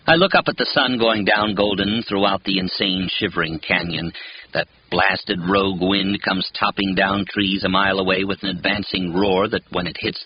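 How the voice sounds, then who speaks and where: Low-voiced male audiobook narrator. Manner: measured, expressive reading. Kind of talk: first-person novel narration. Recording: dull, lo-fi with faint hiss.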